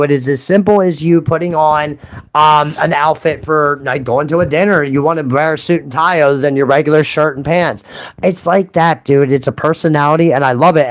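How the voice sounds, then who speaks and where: A man's voice: on the high side, poor audio. A man chatting casually and earnestly to his viewers, rambling with many fillers and swearing freely. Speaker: channel creator. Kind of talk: casual vlog chat to viewers.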